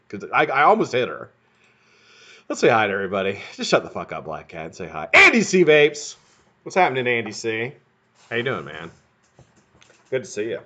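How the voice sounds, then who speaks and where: A man hosting a live stream from home, talking in a low voice that swings widely in pitch. He banters casually, swears freely and brags in jest. The audio is dull and lo-fi. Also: bright, forceful tone. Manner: profane, joking, boastful banter.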